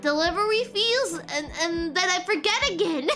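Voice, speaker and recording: A woman VTuber keeps things casual with her audience, giggling frequently and playing off what chat says. She has an extremely high, animated voice with a sharp tone at a moderate pace, and faint lo-fi music plays underneath.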